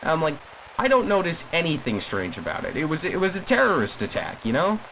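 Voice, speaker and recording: A man's voice: fairly high pitch, wildly swooping pitch, brisk, creaky, fairly bright tone, slight background noise, exaggerated voice, rough recording. A man voicing an agitated caller on a radio broadcast in an audio drama, speaking emphatically and rambling with frequent restarts. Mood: indignant. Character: agitated male radio caller defending a cursed family.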